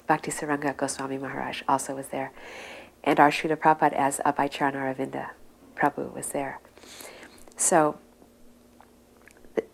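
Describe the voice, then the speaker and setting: A low-voiced older woman sharing recollections in an interview. Her tone is gravelly and quiet, and she often stops mid-sentence to find the right word. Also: low-quality recording. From United States. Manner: soft-spoken, searches for words with fillers. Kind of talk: reminiscing storytelling.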